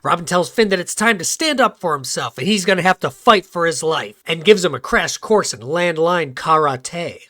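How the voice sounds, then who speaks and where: A man's voice: on the high side, lively intonation, normal speed, hardly any pauses, bright, forceful tone, faint music behind. A man hosting a comedic movie recap, narrating with crude, mocking sarcasm and slipping into silly voices for quotes.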